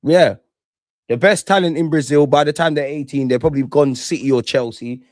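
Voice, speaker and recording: A man hosting a live football watch-along, swearing a lot, muttering to himself and shouting at goals. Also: on the high side, brisk. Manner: mutters quietly to himself between outbursts.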